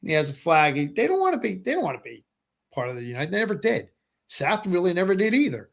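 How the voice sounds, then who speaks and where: A man's voice: high voice, sing-song, fast, vocal fry. A middle-aged man hosting a webcast, talking through his views in a rambling, casual way, often asking "right?" and repeating phrases. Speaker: webcast host. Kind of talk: casual political monologue.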